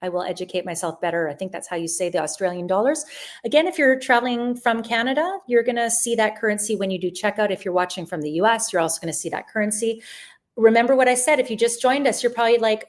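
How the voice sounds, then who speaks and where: A middle-aged woman with a slightly high voice hosts a live shopping stream. She chats in an upbeat, rambling way as she pitches travel deals and answers viewer questions. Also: quick pace. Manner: chatty and upbeat, with frequent restarts. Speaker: livestream sale host.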